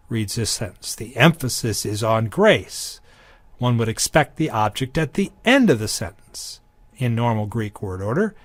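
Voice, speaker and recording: Man teaching a grammar lesson, mid-pitched, dry close sound, dry humor, ums and restarts. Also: sing-song, measured pace, no echo. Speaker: Greek teacher. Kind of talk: recorded lecture.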